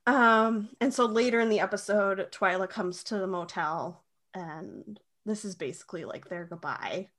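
Woman podcast co-host; bright, casual, giggly. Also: medium pitch, moderate pace. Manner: chatty, many "like" fillers, giggly. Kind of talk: casual chat recapping a show.

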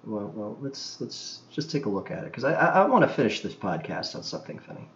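A man's voice: fairly low pitch, sing-song, brisk, a bit bright, reverberant, muffled recording. A man from Canada hosting a podcast, telling crude anecdotes in a rambling way, full of fillers and restarts. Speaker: podcast host. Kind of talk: casual podcast chat.

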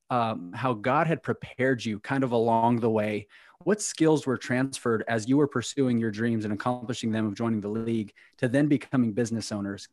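An earnest male host asks his guests long questions in a steady, mid-pitched voice. The recording is dry and close. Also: no echo. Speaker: podcast host, coach. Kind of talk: interview questions.

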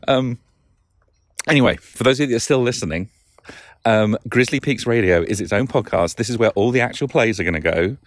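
A man's voice: medium pitch, fast talker, dry recording, clean studio sound. A man with a Lancashire accent hosting a casual solo podcast, rambling and self-deprecating with frequent chuckles. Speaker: podcast host.

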